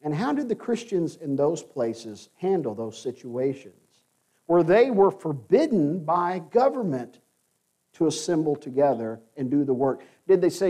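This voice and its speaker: High-voiced male preacher, earnest sermon. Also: very animated, dark tone. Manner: earnest, emphatic, slows down for key phrases.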